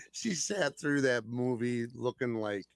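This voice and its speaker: A man in a casual radio chat, telling a short story in a slow, dry manner. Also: medium pitch, gravelly, no echo.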